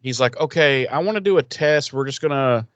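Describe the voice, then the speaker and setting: A man co-hosting a podcast and walking through a TV episode in a loose, rambling way. He slips into quick mock voices for the characters and swears freely. His voice sits at an ordinary middle pitch and sounds dry and close. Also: no room sound, highs cut off. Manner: rambling retelling with acted-out quotes and swearing. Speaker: podcast co-host. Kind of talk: casual episode recap chat.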